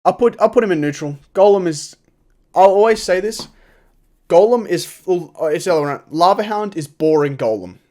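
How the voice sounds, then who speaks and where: A man's voice: high voice, lively intonation, a little fast, mellow. A young man giving casual, opinionated gaming commentary, often exasperated and restarting his sentences. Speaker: gaming YouTuber. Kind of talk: casual tier-list commentary.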